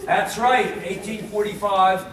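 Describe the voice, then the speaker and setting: A man's voice: high voice, steady tone, measured pace, fairly bright tone, slight background noise. Man lecturing on history, quizzing the room. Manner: quizzes the audience with questions, gets impassioned. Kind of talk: informal history lecture to a live audience.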